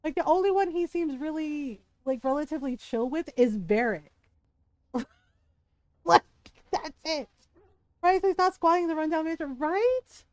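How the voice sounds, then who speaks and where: A woman's voice: sits high, expressive, a little slow, pauses often, a little mellow, no room sound. A woman game streamer in casual livestream chat, ranting heatedly, swearing often and breaking into laughs.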